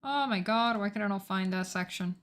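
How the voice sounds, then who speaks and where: A woman streamer talks casually to her chat at a mid pitch. She is excitable and swears freely, rambling as she hunts through her notes. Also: fairly quick, slight background noise.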